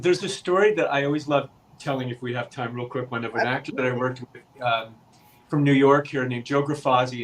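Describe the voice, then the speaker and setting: An actor appearing as a podcast guest spins a long, animated anecdote in casual chat, acting out the quoted lines. His voice sits in the mid-range, and the recording is low quality.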